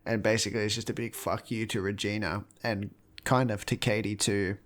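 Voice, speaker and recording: Lively man retelling movie scenes. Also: on the low side, a little fast. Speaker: podcast co-host. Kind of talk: casual film review chat.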